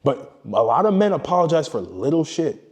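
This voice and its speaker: A man's voice: a little high, big pitch swings, fairly quick, darkish tone. A man giving a blunt, profane motivational monologue as a self-improvement coach, lecturing emphatically.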